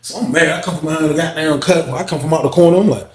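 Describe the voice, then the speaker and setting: A man telling a story from his own past in a casual, profane way, acting out both sides of the conversations with lively energy. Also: a little high, quick pace, roomy sound.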